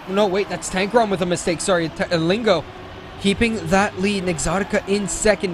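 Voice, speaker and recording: A man casting live esports play-by-play, excitable and jokey, often correcting himself mid-sentence. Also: high voice. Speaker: esports caster. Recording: game engine and car noise underneath. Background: racing game sounds.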